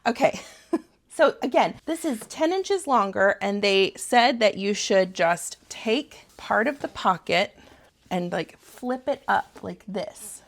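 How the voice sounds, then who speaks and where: A Southern woman in her thirties talks through a sewing project at home, chatty and easygoing. She rambles off on tangents and laughs often, with a voice pitched in the middle range. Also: expressive, a little slow, fairly bright tone. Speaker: sewing channel host. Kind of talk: casual sew-along tutorial.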